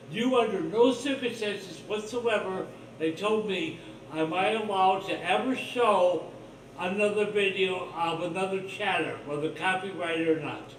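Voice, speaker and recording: A man's voice: high voice, far from the mic, a little hiss or hum. A man hosting his own livestream, talking in a rambling, blunt, profane monologue full of suspicion. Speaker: livestream host. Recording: roomy echo, voice off-mic, faint ambience.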